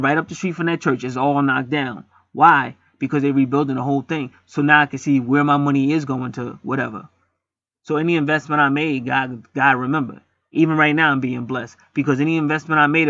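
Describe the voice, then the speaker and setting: A man's voice: on the high side, fairly bright tone, no room sound, dull audio. A middle-aged man acting as a spiritual reader, talking bluntly in a casual streetwise monologue and swearing freely.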